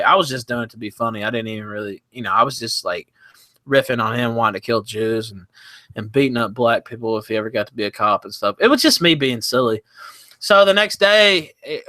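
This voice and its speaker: A man's voice: mid-range voice, pushed and bright, no echo. A man being interviewed, telling his side at length in a candid, rambling way with many restarts. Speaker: interview guest. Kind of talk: casual interview talk.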